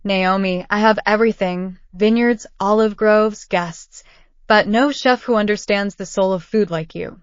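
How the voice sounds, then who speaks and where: A woman's voice: mid-range voice, measured pace, clear, resonant tone, dry recording, lo-fi sound, natural voice. A woman doing a coaxing Italian hotelier man. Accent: slight Italian. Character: warm charming older Italian hotelier man.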